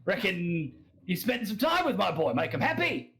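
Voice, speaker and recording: A man with an Australian accent voicing a loud, rowdy, drunk bearded man in a tavern. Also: big pitch swings, moderate pace, full character voice. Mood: boisterous. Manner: loud, hollering, high-pitched.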